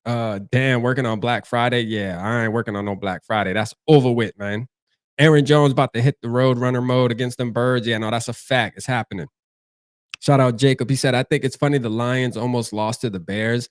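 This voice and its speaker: A man's voice: medium pitch, steady tone, fairly quick, smooth, dry recording, studio quality. A young man with a Charleston accent, hosting a casual fan livestream in a loose, slangy way and reading chat comments aloud. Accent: Charleston, South Carolina. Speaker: livestream host.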